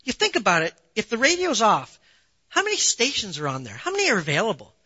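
Bright-voiced pastor preaching conversationally. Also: male voice, sits high, wildly swooping pitch, fast talker, slightly rough, dry recording, highs cut off. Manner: conversational preaching, rhetorical questions, rising emphasis. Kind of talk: sermon.

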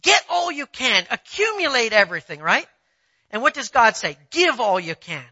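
A pastor preaching a sermon in a conversational way, telling personal stories and often asking the listeners if they follow, swinging between quiet asides and emphatic points. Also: medium pitch, very animated, normal speed, husky, dry recording, muffled recording. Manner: conversational preaching, asks the audience "you see what I'm saying".

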